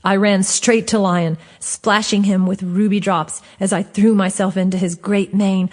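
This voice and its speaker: A woman narrating her own fantasy book as an audiobook, in a steady, clear reading voice with a gentle lilt. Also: mid-range voice, a little slow, few pauses.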